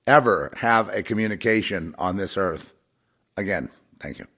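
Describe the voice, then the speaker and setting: A man's voice: low voice, moderate pace, fairly bright tone, slightly rough. A man giving an unscripted spiritual monologue in a blunt, repetitive way with scornful asides.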